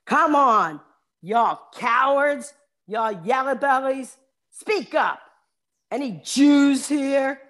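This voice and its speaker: Lady putting on a big loud texan guy hollering, voice pushed up high. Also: moderate pace. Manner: brash, hollering, folksy. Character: big loud Texan man yelling on a train.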